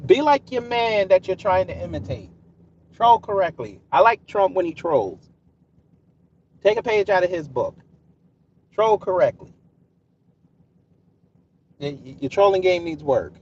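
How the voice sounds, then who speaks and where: Man, fairly high voice, sarcastic, combative, casual live-stream rant, dull lo-fi audio. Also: lively intonation, unhurried, long pauses, darkish tone, far from the mic, slight background noise. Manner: combative, sarcastic, answers chat directly. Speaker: livestream host.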